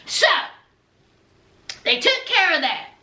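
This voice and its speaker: A woman with a very high, bright voice dishes on a reality show in an animated, sassy way. Her pitch leaps all over the place. She sounds a little away from the mic in an echoey room. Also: takes it slowly, distant mic. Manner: animated, sassy, laughs often, calls viewers honey. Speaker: reality TV recap vlogger. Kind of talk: casual gossipy commentary.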